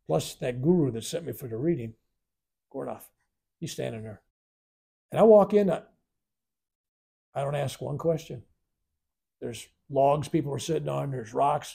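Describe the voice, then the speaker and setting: A man with a gravelly, husky voice tells a spiritual story to a workshop. His tone is dark and mellow, and he rambles while acting out the voices he quotes. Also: on the high side. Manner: rambling, animated retelling with acted quotes. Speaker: spiritual teacher. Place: workshop room.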